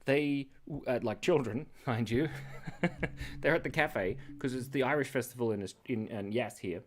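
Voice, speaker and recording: An Australian man with a mid-range voice speaks unhurriedly as he hosts a live drawing stream. He reads chat and reacts to messages, laughing often and rambling in a scattered manner.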